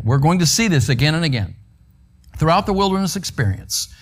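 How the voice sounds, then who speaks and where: A man preaching a conversational sermon in a church, asking the congregation rhetorical questions. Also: mid-range voice. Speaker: pastor. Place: church sanctuary.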